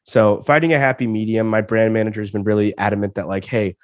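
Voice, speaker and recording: A man's voice: fairly low pitch, fast, clear, resonant tone, dry recording, clean studio sound. A young man in his twenties from Alabama, a comedian guest on a casual interview, feeling sick and often stammering over restarts. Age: 20s. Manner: stammering restarts, repeats words.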